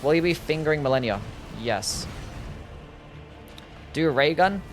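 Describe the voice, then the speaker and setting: A man's voice: fairly high pitch, animated, unhurried, music in the background. Laid-back man streaming a game. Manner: laid-back, chatty, laughs easily. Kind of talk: live game streaming, answering chat.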